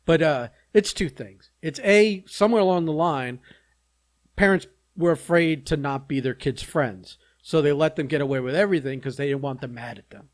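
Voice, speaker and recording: A man giving his opinions in a casual podcast chat, halting and profane. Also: fairly high pitch. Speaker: podcast co-host.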